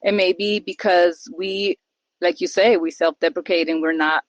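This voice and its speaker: A woman's voice: fairly low pitch, steady tone, measured pace, no room sound, muffled recording. A woman co-hosting a casual podcast, talking openly about her feelings and acting out what others say. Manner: open, emotional, acts out quoted voices. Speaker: podcast co-host.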